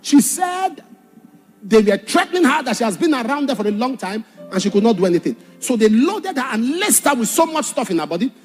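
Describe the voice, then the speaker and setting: Brief: high-pitched male preacher, impassioned, husky, over soft background music. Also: big pitch swings, a little fast. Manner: impassioned, shifts from shouted warnings to hushed storytelling. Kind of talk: sermon.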